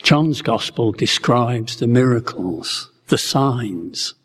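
In a long, reverberant hall, a preacher relates a Bible story from the wry, musing viewpoint of a first-person bystander, acting out his wonderings. His medium-pitched voice is husky, slow-paced, and lively in intonation.

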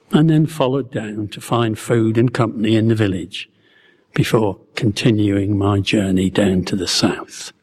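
Heard through long hall reverb, this man's voice sits on the low side and is slightly rough. He's a preacher recounting a Bible story as a first-person bystander, a wry, musing storyteller who performs his own wondering.

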